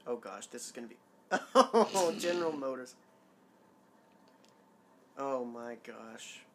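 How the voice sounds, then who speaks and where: A man's voice: medium pitch, animated, takes it slowly, slight background noise. Joking man riffing on a movie. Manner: joking, exclamatory, trivia-sharing. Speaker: co-host watching a film. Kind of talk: casual watch-along commentary.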